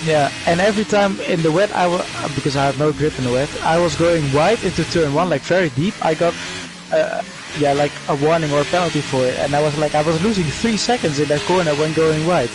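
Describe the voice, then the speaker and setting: Laughing, casual man, slightly high voice. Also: brisk. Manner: casual, laughs while recounting mishaps. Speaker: sim-racing driver joining commentary. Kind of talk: casual chat. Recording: clearly audible background noise.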